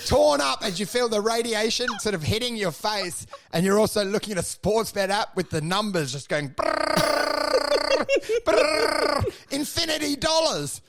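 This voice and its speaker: High-voiced excitable man. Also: normal speed, gravelly, hardly any pauses, background noise. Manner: excitable, swearing, riffing, laughing. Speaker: podcast co-host. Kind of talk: crude comedic podcast banter.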